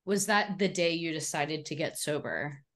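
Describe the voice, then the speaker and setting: A woman's voice: low-pitched, moderate pace, a bit bright. A woman hosting a podcast interview, speaking in a supportive, thoughtful and reflective way. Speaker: podcast host. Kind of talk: casual interview.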